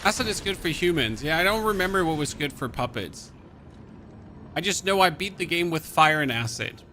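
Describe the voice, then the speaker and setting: A man's voice: on the high side, animated, moderate pace, sharp tone, a little hiss or hum. A man streaming a video game, commenting casually with sarcasm and swearing. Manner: sarcastic, swears, talks to himself.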